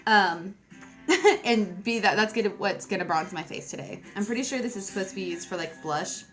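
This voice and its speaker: A young beauty vlogger chats casually through a makeup tutorial, giggling, poking fun at herself and tossing in offhand asides. Her mid-range voice is a bit bright and moderately paced, with soft background music on a low-quality recording.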